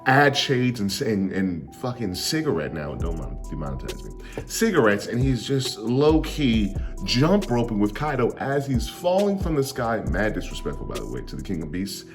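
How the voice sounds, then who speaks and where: A man's voice: fairly low pitch, sing-song, normal speed, over music. A young man recapping a comic chapter in a casual, slangy, jokey way with frequent laughs. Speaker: manga reviewer.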